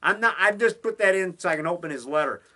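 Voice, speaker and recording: A man's voice: high-pitched, expressive, fast talker, bright, forceful tone. A man hosting a casual home broadcast from his basement, talking on and on with plenty of fillers and restarts. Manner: enthusiastic, rambling, with many fillers and restarts. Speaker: indie horror filmmaker hosting a home broadcast. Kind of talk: rambling casual monologue.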